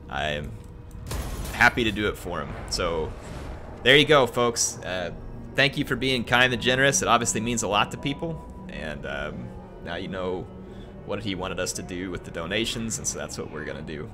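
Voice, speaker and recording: A young man on a gaming stream reading a viewer's message aloud, halting and emotional, full of ums, earnest and grateful. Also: deep voice, animated, over music. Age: young adult.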